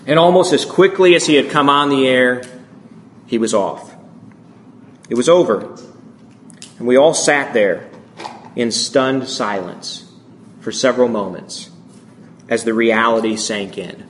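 A man in his thirties delivers a storytelling sermon in a slow, measured voice that often drops to a hush. He pauses at length between phrases. His voice sits at a middling pitch, with a faint ambient hum behind it. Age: 30s. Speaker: speaker addressing a congregation.

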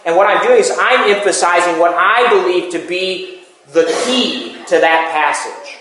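A man gives a sermon in a relaxed, conversational teaching manner, breaking off for asides and restarting his phrases. His voice sits a little high for a man. The sound carries a roomy echo. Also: a little slow, slight background noise. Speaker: preacher.

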